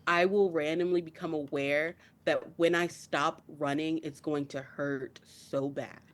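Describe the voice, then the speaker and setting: A woman's voice: deep voice, fairly even intonation, a little slow. Emotional young woman co-host. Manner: emotional, builds to tearful outbursts. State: crying. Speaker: podcast co-host. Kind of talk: casual chat.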